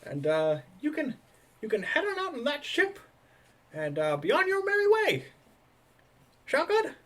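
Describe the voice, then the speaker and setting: A man voicing an excitable older dock official who talks in a folksy drawl and stammers. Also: very high-pitched, a little slow, pitched above the performer's own voice, heavily acted. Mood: cheerful.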